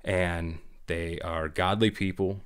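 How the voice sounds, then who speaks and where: A man's voice: deep voice, takes it slowly, clear, resonant tone. A middle-aged man, a former Marine, chatting casually on a podcast, acting out voices and laughing as he tells stories. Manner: animated storyteller, acts out voices, laughs often. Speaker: guest, former Marine drill instructor talking about fatherhood.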